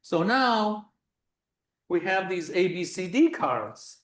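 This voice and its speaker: Animated physics presenter in a roomy space. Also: medium pitch, slow, far from the mic. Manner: animated, acts things out, projects loudly. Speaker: physics lecture demonstrator. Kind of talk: live workshop presentation. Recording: roomy sound from away from the mic.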